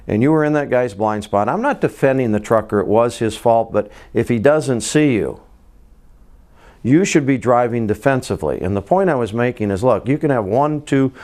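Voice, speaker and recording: A man's voice: fairly low pitch, darkish tone. A man in his fifties hosting a podcast, talking earnestly in a casual monologue, telling stories and asking himself rhetorical questions. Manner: earnest, storytelling with repeated restarts. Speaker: podcast host.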